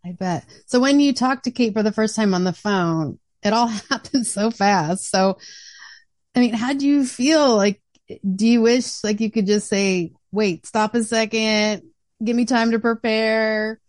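A woman's voice: on the high side, measured pace, darkish tone, dry recording, clean studio sound. A woman interviewer who laughs along with her guest and asks long, rambling questions.

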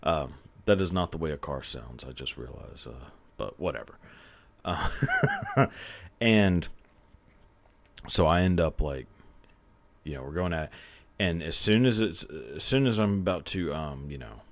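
A man's voice: rumbling low, expressive, a little slow, gravelly, pauses often. A man telling a confessional story on his podcast in a casual, rambling way, swearing freely and laughing often. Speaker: podcast host.

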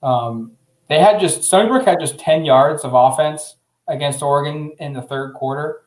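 A man hosting a casual sports podcast, talking through his predictions in a relaxed way with frequent fillers. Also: a little high, normal speed. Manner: relaxed, uses fillers, thinks aloud. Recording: roomy echo.

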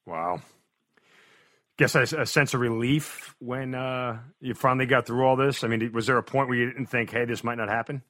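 A man's voice: medium pitch, moderate pace, pushed and bright, dry recording. Male interviewer with a dry, close sound. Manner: conversational, with small hesitations. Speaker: interviewer host. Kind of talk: casual interview questions.

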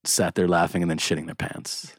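A man with a lowish voice hosts a loose, rambling chat, tossing out jokes and swearing freely. His voice comes through close and completely dry, with no room sound around it. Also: fairly even intonation, a little fast, husky, no echo. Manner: rambling, joking, frequent laughs and swearing. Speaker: podcast host. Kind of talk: casual chat.

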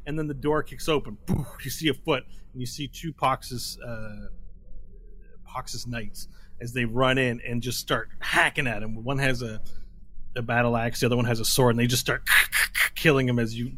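A man's voice: medium pitch, fairly even intonation, normal speed, fairly bright tone. A man running a tabletop game as game master, narrating scenes in a rambling descriptive way over a headset mic.

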